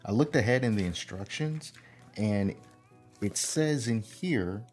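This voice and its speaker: A man's voice: lowish voice, animated, a little mellow, soft background music. A man hosting a casual livestream, thinking aloud and humming to himself as he works on a model kit. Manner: unhurried, thinks aloud, hums to himself while working. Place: indoor home room.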